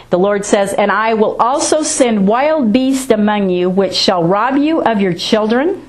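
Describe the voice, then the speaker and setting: A woman preaching a sermon, reading scripture aloud and driving her points home with rising and falling emphasis. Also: medium pitch.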